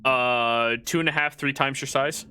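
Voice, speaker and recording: A man narrating a tabletop game as game master, describing the scene in a halting way with many fillers. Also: medium pitch, steady tone, bright, forceful tone, slight background noise.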